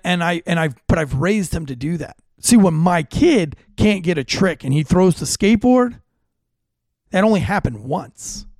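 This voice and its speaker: Blunt, gravelly-voiced man ranting. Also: on the high side, no room sound. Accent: American. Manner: blunt, profane and animated storytelling. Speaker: podcast host. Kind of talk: casual monologue.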